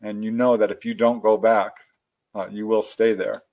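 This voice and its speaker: A man telling personal stories as a guest in a casual interview, animated and laughing often. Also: on the low side, moderate pace, lo-fi sound.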